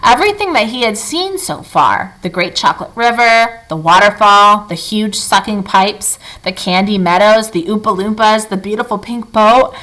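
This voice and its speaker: A woman reading a children's book aloud in an expressive, lively storytelling manner. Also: medium pitch, normal speed, hardly any pauses, low-quality recording.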